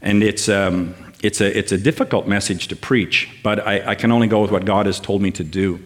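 Delivering a sermon as a guest preacher, this older man has a lowish voice with fairly even intonation. He talks warmly yet falteringly, full of fillers and false starts, before rising into stirring lists.

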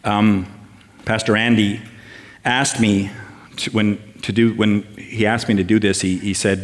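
An older man giving a sermon as guest preacher, talking in a warm, halting way with fillers and restarts that builds into rousing lists. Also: on the low side, little pitch movement.

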